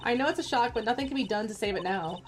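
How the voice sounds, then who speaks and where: A woman's voice: fairly high pitch, quick pace, a little hiss or hum, close to an everyday voice. A woman voicing a polite young woman studio assistant from a video game, with a matter-of-fact delivery.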